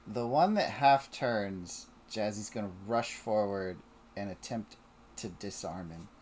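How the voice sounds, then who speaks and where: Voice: low-pitched, slow, a little mellow, a little hiss or hum. Playful player describing moves. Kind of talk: casual tabletop play.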